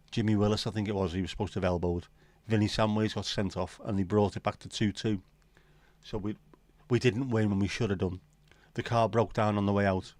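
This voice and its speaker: Rambling and joking with his viewers, a man reads their comments on a casual livestream and swears freely. His lowish, darkish voice comes through in a dry recording.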